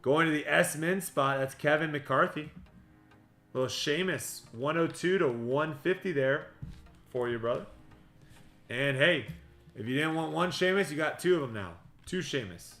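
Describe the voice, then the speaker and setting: A man hosts a trading card break live, reading off each pull in a quick running patter and tossing in jokes. His voice is bright and pushed forward. The room echoes, with music playing underneath. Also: fairly high pitch. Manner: rapid running patter of player names, joking asides. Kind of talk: livestream card-opening patter.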